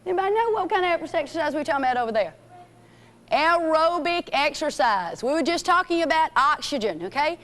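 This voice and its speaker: A woman's voice: high voice, expressive, brisk, fairly bright tone. A woman teaching a children's fitness class in a gym, encouraging and calling out names and commands. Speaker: physical education teacher.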